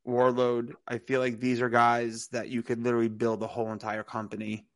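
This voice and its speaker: A man's voice: mid-range voice, completely flat delivery, brisk. A man co-hosting a casual podcast, talking in a loose, rambling way, full of "you know" and restarts. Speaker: podcast co-host. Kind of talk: casual wrestling podcast chat.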